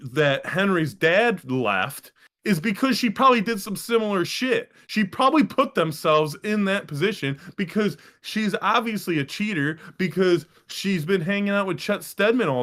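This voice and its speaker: A man co-hosting a casual podcast, telling a long story in a rambling, profane, animated way. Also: on the high side. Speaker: podcast co-host. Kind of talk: casual sports podcast chat.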